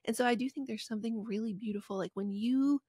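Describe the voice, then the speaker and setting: A woman's voice: fairly high pitch, fast talker, dark tone, husky, no echo, studio quality. Earnest woman telling a heartfelt story. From rural West Virginia. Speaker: guest author. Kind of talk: reflective podcast interview.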